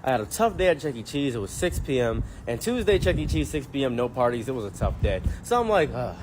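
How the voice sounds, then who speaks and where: A commentary YouTuber telling a comic story, animated and joking, acting out every character he mentions. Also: medium pitch, quick pace, background noise. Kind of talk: comedic storytelling.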